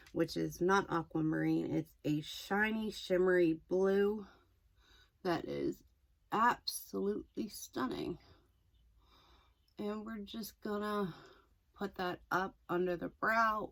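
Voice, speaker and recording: A young woman chatting through a makeup tutorial, rambling and self-deprecating, a little hoarse. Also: fairly low pitch, a bit bright. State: slightly hoarse, losing her voice. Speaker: makeup vlogger.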